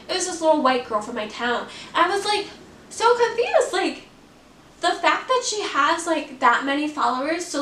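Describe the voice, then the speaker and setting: A woman's voice: sits high, bright, forceful tone, roomy sound, far from the mic, a little hiss or hum, low-quality recording. A young woman vlogging about her own story, fervent and passionate, with lots of "like" fillers. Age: young adult. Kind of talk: personal storytelling vlog.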